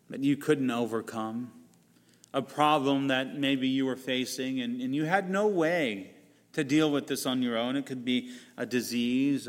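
A man's voice: medium pitch, long reverb tail. A male pastor delivering a sermon in a conversational style, with self-deprecating humorous asides. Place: church sanctuary.

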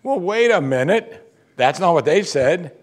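A man preaching a sermon, teaching through a Bible passage with lively asides and questions to the audience. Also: a little high, unhurried.

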